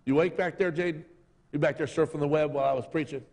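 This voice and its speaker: A man's voice: on the high side, steady tone, quick pace, vocal fry, a little mellow. A man preaching a casual, joking sermon to his church, calling out to the congregation and asking for amens. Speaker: pastor. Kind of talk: lively sermon. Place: church service in a sanctuary. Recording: long hall reverb.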